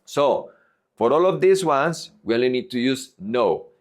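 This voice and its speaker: A man teaching a language lesson, modeling each example word slowly and repeating it for practice. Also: medium pitch, sing-song. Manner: slow, deliberate modeling of words. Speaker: Spanish teacher.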